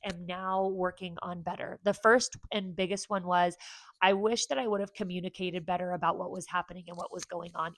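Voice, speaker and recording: A woman's voice: lowish voice, dry recording. A woman in her forties giving candid, earnest advice in a casual vlog from home. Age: 40s. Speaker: vlogger and therapist.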